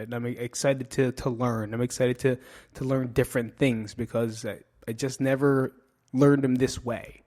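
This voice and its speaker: A man's voice: medium pitch, a little mellow. Middle-aged guy rambling on his show, swears a lot, pokes fun at himself. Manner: profane, joking, self-mocking. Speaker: podcast host. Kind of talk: casual monologue.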